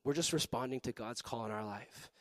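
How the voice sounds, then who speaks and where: A young man preaching to a youth group, telling a story with lively acted-out voices and frequent laughter. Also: medium pitch, fairly quick, no echo. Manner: animated, acts out voices in his story, laughs often. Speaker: pastor.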